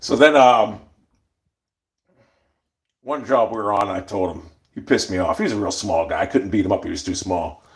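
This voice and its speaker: A man's voice: fairly low pitch, normal speed, pauses often. A man telling stories in a casual, rambling monologue, blunt and profane, with many restarts. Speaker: storyteller.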